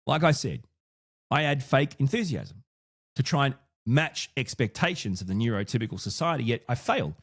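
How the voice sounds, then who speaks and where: Lively, animated man hosting a podcast. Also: mid-range voice, normal speed, slightly rough. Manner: thinks aloud, with many restarts and asides. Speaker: podcast host. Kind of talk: casual solo podcast talk.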